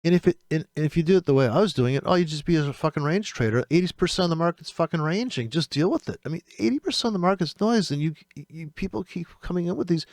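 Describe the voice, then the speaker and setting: A man on a trading channel tears into other people's strategies in an exasperated, profane rant. His pitch swings widely from one phrase to the next. The recording is close and dry, with almost no room sound. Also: lively intonation, fast, few pauses, darkish tone, dry recording. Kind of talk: ranting commentary on trading videos.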